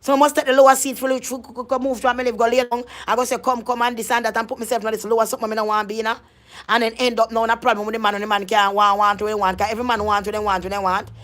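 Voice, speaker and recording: A woman's voice: a little high, level tone, rapid-fire, a bit bright. An adult woman, ranting in a vlog monologue, emphatic and confrontational, often repeating herself. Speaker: vlogger.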